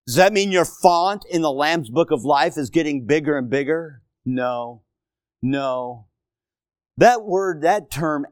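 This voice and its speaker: A man preaching a lively, playful sermon to his congregation in a church, talking straight to them and joking with them. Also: a little high, no room sound, clean studio sound. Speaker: pastor. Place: church auditorium.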